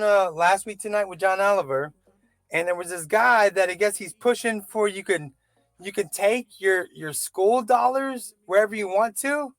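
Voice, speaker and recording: A man's voice: high voice, a bit bright, dry recording. A man vlogging a casual opinion rant, rambling and profane, with frequent self-doubting asides.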